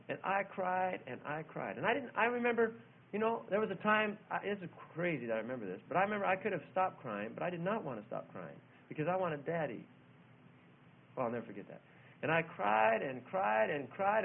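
A man preaching a sermon, telling a childhood story and then reading scripture with loud emphasis. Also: on the high side, vocal fry, slight background noise. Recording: tinny phone-like old recording.

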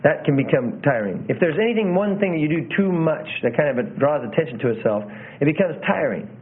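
A man's voice: on the high side, lively intonation, fairly quick, a little hiss or hum. A man teaching about sermon delivery in a conversational way, often repeating phrases and correcting himself. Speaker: preaching instructor. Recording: tinny phone-like audio.

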